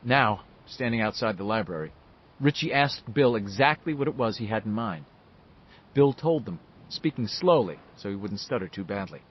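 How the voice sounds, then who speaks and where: Male narrator, lively varied delivery, slightly dull lo-fi audiobook take. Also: on the low side, normal speed, breathy edge. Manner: lively, expressive reading. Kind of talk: scripted narration.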